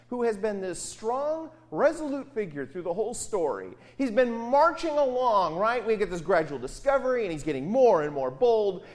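A woman's voice: medium pitch, a little mellow. A woman preaching a sermon on a gospel passage, speaking expressively with rhetorical questions and emphatic asides.

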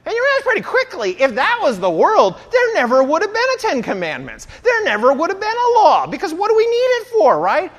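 A woman preaching a conversational sermon, with an animated delivery that often checks in with "right?". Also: extremely high pitch, brisk, few pauses, big-room sound.

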